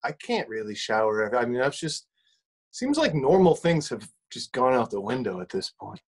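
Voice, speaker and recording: A man's voice: mid-range voice, big pitch swings, normal speed. A man bantering casually with friends on a video call, easygoing and laid-back. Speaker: band member on a video call. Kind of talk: casual chat.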